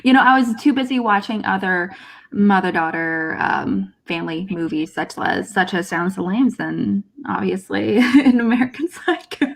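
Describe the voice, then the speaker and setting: A woman's voice: medium pitch, animated, moderate pace, creaky. Chatty woman co-host who laughs easily. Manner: chatty, laughs often, trails off with fillers. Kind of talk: casual podcast chat.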